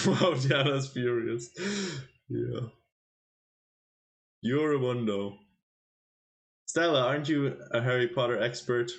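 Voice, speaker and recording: A man with a gravelly, mid-range voice commentates a chess tournament on his stream, speaking slowly with long pauses. He casually teases his chat and throws quiz questions at viewers.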